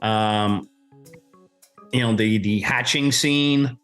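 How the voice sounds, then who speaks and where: A man's voice: lowish voice, slow pace, a bit bright, soft background music. A man co-hosting a show, arguing his view of a film in casual debate, emphatic and swearing casually.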